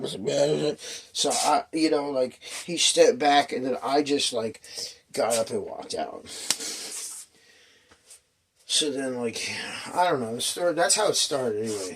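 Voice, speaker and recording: A man's voice: mid-range voice, noisy background. A man in his fifties telling a long personal story in a rambling, profane way, acting out what people said. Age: 50s. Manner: profane, restless, storytelling with acted quotes.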